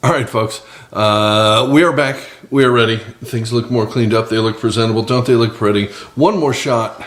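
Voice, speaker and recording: A man's voice: medium pitch, moderate pace, a bit bright, echoey room. A man hosting a casual cooking vlog from his small home kitchen, chatting and joking with viewers. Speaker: cooking channel host. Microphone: several cameras on the counter.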